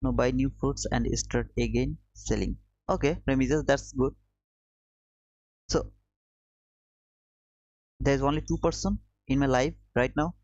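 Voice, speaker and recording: A man's voice: medium pitch, a little slow, long pauses, a little mellow, no echo. Repetitive man teaching on a dull stream. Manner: repetitive, coaxing, addresses viewers as brother. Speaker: trading livestream host. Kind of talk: live-stream trading lesson. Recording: dull dry lo-fi stream audio.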